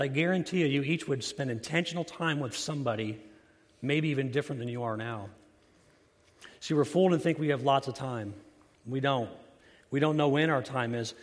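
A man preaching a sermon, earnest, slowing down and softening his voice to stress key lines. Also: mid-range voice, in a large hall. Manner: earnest, slows and softens for emphasis. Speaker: pastor.

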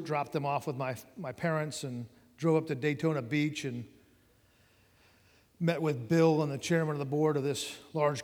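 A middle-aged man telling his personal testimony in a conversational sermon, addressing his listeners directly. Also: fairly high pitch. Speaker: preacher giving testimony. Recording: long hall reverb.

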